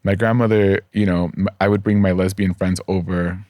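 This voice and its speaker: Frank, animated man telling stories. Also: deep voice, normal speed, no echo. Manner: animated, candid and profane, acting out quoted voices. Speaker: podcast guest. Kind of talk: casual conversational storytelling.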